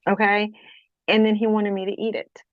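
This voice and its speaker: Woman guest, mid-pitched, halting testimony with constant restarts and check-ins, dry slightly dull recording. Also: little pitch movement, no room sound. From Kentucky, USA. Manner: halting, frequent restarts, keeps checking with "okay?". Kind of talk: personal testimony in interview.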